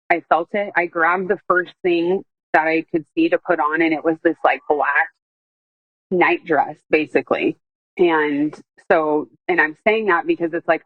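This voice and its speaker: A woman with a lowish voice tells a personal story in a loose, rambling way, full of fillers and quoted speech. The recording is dry, with a slightly dull, muffled sound. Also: dry recording. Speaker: guest telling her story.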